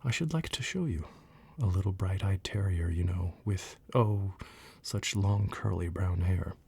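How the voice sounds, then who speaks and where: A man's voice: low voice, measured pace, heavily acted. A man whispering the part of a curious, polite little girl in a bedtime storybook reading, as whispered role-play. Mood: eager. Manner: soft, breathy whisper, earnest and fretful.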